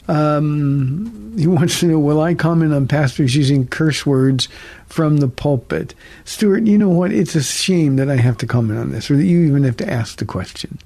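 A man's voice: a little high, lively intonation, moderate pace, warm tone, no echo. A man, a pastor, answering listener questions on a radio call-in teaching show in an earnest, conversational way with frequent restarts.

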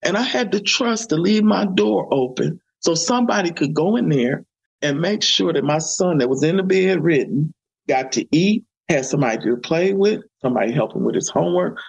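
Woman, interview guest, gravelly voice, husky, fervent preacher-like repetition. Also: fairly low pitch, lively intonation, normal speed, dull audio. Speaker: guest, community ministry founder. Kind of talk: conversational interview testimony.

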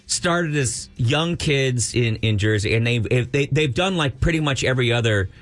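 A man's voice: mid-range voice, animated, moderate pace, fairly bright tone. A male radio show host talking in a loose, conversational way with a guest. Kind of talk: casual radio talk.

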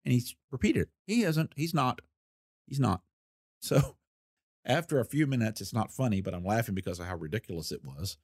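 A man's voice: mid-range voice, expressive, brisk, darkish tone, no room sound, clean studio sound. A man, a former federal investigator, telling a case story in a folksy, plain-spoken interview manner and acting out the voices he quotes.

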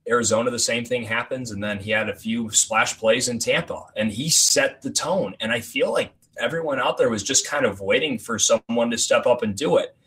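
A man's voice: mid-range voice, moderate pace, few pauses, a bit bright. A man co-hosting a sports podcast, building his point carefully with examples. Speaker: podcast co-host.

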